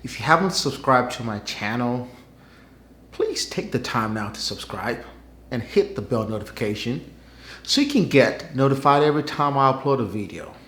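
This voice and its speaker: A man hosting his own news commentary vlog offers wry, skeptical takes in a conversational style. His mid-range voice is a bit bright with lively intonation at a moderate pace, and the room is roomy and echoey.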